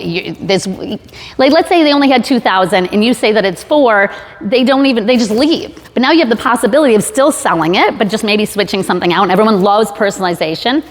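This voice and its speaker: A woman speaks to a live audience in a big hall, and the long reverb trails behind each phrase. Her voice sits a little high, and her delivery is loose and chatty. She is full of ums, restarts and joking asides. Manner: chatty, many fillers and restarts, jokey asides. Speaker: sales trainer giving a talk. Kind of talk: casual live talk to an audience.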